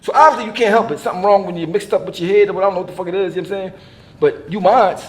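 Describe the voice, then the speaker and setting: A man telling stories in casual, profane conversation, animated and laughing as he goes. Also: sits high, rapid-fire. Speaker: artist being interviewed. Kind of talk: casual storytelling chat.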